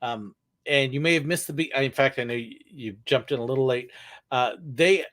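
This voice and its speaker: A man hosts a live Q&A stream for viewer questions, chatting casually, rambling a bit, and tossing in corny puns. His voice is medium-pitched and fairly bright, at a moderate pace.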